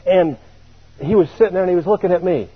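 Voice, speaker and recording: A man preaching a sermon, telling a story in an animated way and chuckling now and then. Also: high-pitched, fast, slightly rough. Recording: tinny radio broadcast.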